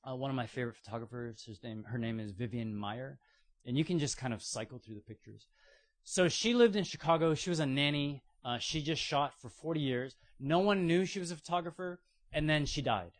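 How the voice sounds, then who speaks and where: A man's voice: mid-range voice, expressive, fairly quick. A man preaching a sermon, retelling stories with playful acted-out voices. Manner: storytelling with playful acted-out quotes. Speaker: pastor.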